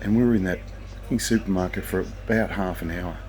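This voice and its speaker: An older man with a very deep voice talks in a loose, anecdotal ramble, now and then dropping a swear word. He records alone in a motel room at night, with a faint hiss underneath. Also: a little fast, a little mellow, poor audio. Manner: chatty, anecdotal, occasionally profane. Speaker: vlogger. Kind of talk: casual rambling monologue.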